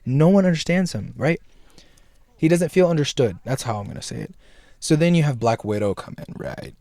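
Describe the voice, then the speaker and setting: A man's voice: mid-range voice, expressive, normal speed, darkish tone, no room sound. Rambling young man with a dry sound. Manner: rambling, slangy, keeps asking "right?". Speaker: video essay host. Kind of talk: casual commentary.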